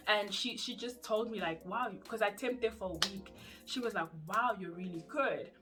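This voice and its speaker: A young woman from South Africa with a South African accent, telling her story in a casual, animated vlog. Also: mid-range voice, normal speed. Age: young adult. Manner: chatty and animated, acts out quoted voices. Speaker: YouTuber. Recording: music playing underneath.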